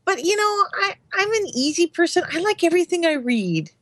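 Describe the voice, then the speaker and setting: A woman's voice: very high voice, big pitch swings, fairly quick, a bit bright, dry recording. A woman co-hosting a casual chat podcast, easygoing and a little hesitant as she talks. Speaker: podcast co-host.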